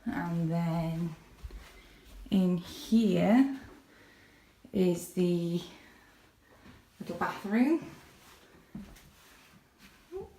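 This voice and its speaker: A woman out of breath from climbing stairs gives a casual house tour, breaking into excited exclamations. Her voice sits a little low and she speaks slowly. The bare rooms give it a strong echo. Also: slight background noise. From England. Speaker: vlogger. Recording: echoey empty rooms.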